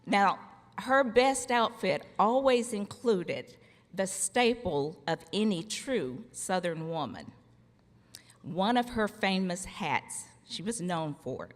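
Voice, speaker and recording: A middle-aged woman giving a commencement speech, telling humorous family stories with a slow, deliberate delivery and pauses for laughs. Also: mid-range voice, big pitch swings. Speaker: commencement speaker, former college faculty member. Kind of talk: formal ceremony speech with humorous storytelling. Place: large hall at a graduation ceremony. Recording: long reverb of a large hall.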